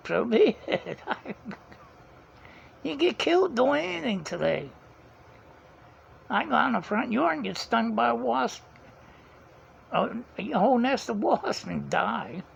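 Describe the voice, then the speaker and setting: A man's voice: extremely high pitch, very animated, measured pace, gravelly, long pauses, fairly bright tone. A man, telling a rambling story in a casual vlog, chuckling often and retelling conversations. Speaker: vlogger. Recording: dull lo-fi sound, faint background hiss.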